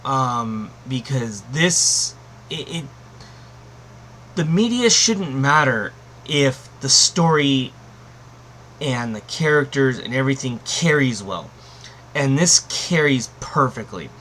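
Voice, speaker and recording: A man's voice: medium pitch, expressive, slow, fairly bright tone, a little hiss or hum. A man giving a casual spoken film review, rambling and emphatic, with many fillers and restarts. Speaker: anime reviewer.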